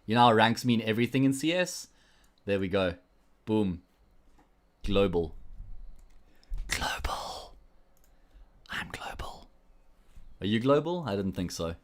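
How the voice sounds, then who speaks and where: His voice is lowish with lively intonation, a moderate pace, and frequent pauses. He's a South African esports caster doing solo livestream commentary, filling the gaps between matches with jokey, rambling chat to viewers and often restarting.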